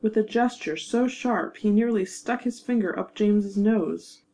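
A woman narrating a fanfiction audiobook in a measured, wry storytelling manner. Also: mid-range voice, warm tone, low-quality recording. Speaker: narrator and producer.

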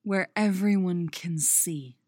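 A woman reading her own romance story aloud, expressive in the narration and chatty and self-mocking in her afterword. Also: fairly low pitch, slow pace, no room sound, studio quality. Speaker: fan fiction reader and writer.

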